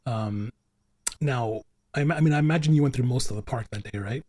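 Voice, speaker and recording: A man's voice: medium pitch, brisk, darkish tone, dry recording. A man hosting a podcast, chatting casually and rambling with lots of fillers and restarts. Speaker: podcast host. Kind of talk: casual chat.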